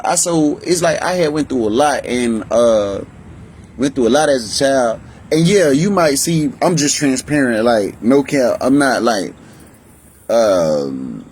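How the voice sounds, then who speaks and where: A man's voice: a little mellow, slight background noise. Rambling young man telling his story. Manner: rambling, emotional, restarts often, voices family members in higher pitch. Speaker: vlogger. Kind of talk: candid personal storytelling.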